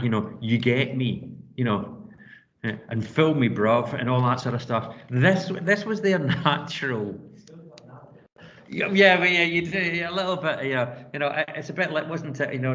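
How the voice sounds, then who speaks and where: A man with a lilt leading a classroom discussion, asking questions in an animated way with many restarts. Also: medium pitch. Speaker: teacher. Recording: dull lo-fi sound.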